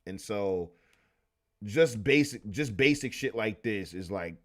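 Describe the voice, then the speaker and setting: A man's voice: lowish voice, expressive, slow, a bit bright. A man hosting a casual livestream, reading old newspaper clippings aloud and retelling stories in loose, profane slang. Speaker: livestream host.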